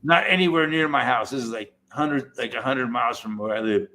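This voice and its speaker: A man in casual chat, telling a rambling story, swearing heavily and talking with animated energy. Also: mid-range voice, a little fast. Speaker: podcast host.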